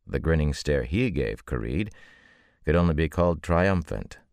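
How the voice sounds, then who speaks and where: A man reading a novel aloud as a measured audiobook narrator. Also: animated, vocal fry, darkish tone, no echo, clean studio sound. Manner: measured, deep-voiced reading with voiced characters. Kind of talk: scripted narration.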